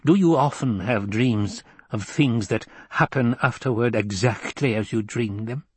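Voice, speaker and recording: A man's voice: mid-range voice, a little slow, slightly rough, no echo. A man voicing a stern, domineering old woman elder in an audiobook reading, with a commanding, clipped manner. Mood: probing. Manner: commanding and clipped, softening at times.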